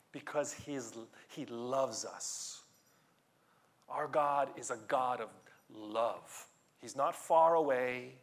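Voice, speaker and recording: A man preaching a sermon in an animated way, repeating words and rising to loud emphasis. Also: mid-range voice, gravelly. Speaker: pastor.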